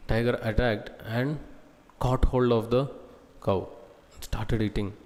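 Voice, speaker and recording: A man's voice: mid-range voice, fairly even intonation, a little mellow, in a large hall. Indian man giving a devotional class. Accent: Indian English. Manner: slow, deliberate, with lists and pauses. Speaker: devotional speaker. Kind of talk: scripture class storytelling. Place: temple hall.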